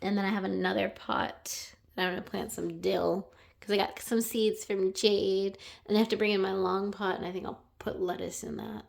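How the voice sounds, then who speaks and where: Her voice is mid-range and gravelly, with a level tone and moderate pace, as she hosts a casual vlog. She chats to camera in a loose, friendly way, calling her audience "y'all" and "guys."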